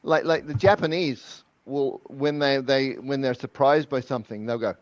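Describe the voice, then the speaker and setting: A man's voice: medium pitch, steady tone, moderate pace, dry recording, muffled recording. A man guest in a webinar interview, explaining with energy and often repeating words as he talks. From New Zealand. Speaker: guest language expert.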